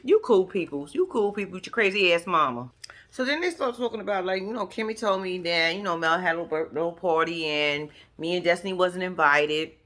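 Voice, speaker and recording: A woman's voice: lowish voice, animated, fairly quick, a bit bright. A woman giving casual reaction commentary on a reality show, blunt, sassy and profane, talking straight to her viewers.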